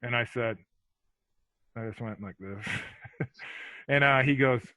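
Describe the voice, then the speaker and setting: A middle-aged man, a former hockey enforcer, telling rambling, animated stories as a podcast guest. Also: medium pitch, unhurried, no room sound. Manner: rambling, animated, lots of fillers. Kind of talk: casual storytelling.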